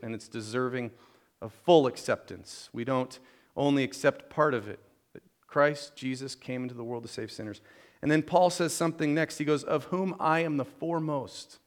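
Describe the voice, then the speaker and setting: A man preaching a conversational sermon to a congregation, informal and joking, often restarting and repeating words. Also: medium pitch.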